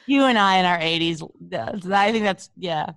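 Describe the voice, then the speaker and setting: A woman co-hosting a podcast in casual chat, brash, profane and animated. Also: on the low side, moderate pace, smooth, dry recording, clean studio sound. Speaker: podcast co-host.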